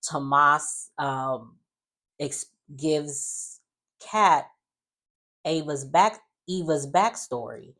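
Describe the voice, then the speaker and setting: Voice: medium pitch, fairly bright tone. Chatty, opinionated soap-recap host. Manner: chatty and opinionated, many fillers and asides. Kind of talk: casual recap chat.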